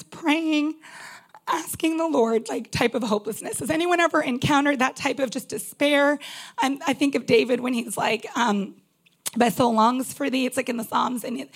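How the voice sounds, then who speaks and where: A woman's voice: sits high, vocal fry, breathy edge. A woman pastor giving a personal sermon, candid and conversational, with many fillers, and at times holding back tears.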